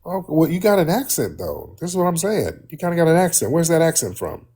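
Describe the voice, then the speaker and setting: A man's voice: a little high, sing-song, brisk, a little mellow, breathy edge. A man hosting a heated live-stream call-in debate, blunt and combative, talking over his callers. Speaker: livestream host.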